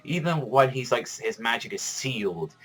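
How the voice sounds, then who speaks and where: A man giving a casual video review of a manga chapter, talking in a rambling, excitable way and swearing a lot. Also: mid-range voice, moderate pace, rough recording.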